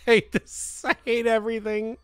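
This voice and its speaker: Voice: medium pitch, little pitch movement, moderate pace, fairly bright tone, clean tone, dry recording. Casual live-streamer: exasperated and foul-mouthed, laughs a lot, dry close recording. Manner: exasperated grumbling with frequent laughter; cursing. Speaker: livestreamer.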